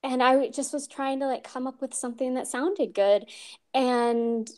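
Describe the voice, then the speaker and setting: A woman's voice: sits high, fairly even intonation, moderate pace, a little mellow. An American woman in her thirties, a story narrator, answering interview questions over a call in a bashful, giggly way with a youthful-sounding voice. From United States. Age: 30s. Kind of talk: casual interview chat.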